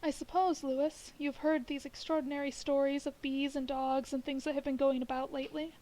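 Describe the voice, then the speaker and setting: A woman reading the lines of an earnest gentleman who calmly presses a strange theory. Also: high voice, lightly acted, low-quality recording. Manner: measured, insistent. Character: earnest middle-aged gentleman building a theory.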